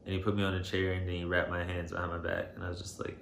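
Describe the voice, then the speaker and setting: A man telling a personal story to camera, shaken and emotional, halting and hesitant with many fillers. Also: sits low, monotone, gravelly, a bit bright. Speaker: vlogger. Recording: roomy echo, faint background noise.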